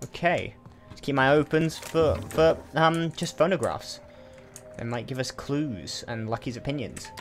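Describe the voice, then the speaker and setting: A man talks through his game in a chatty, thinking-aloud way, full of asides as he plays. His voice sits at an ordinary middle pitch. Faint music plays under him. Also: measured pace. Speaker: let's play host. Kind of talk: casual game commentary.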